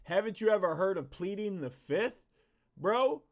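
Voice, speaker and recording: A man hosting a reaction video, joking around and swearing casually as he comments. His voice sits slightly above average, relaxed and conversational. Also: high voice, moderate pace. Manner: joking, profane, laid-back.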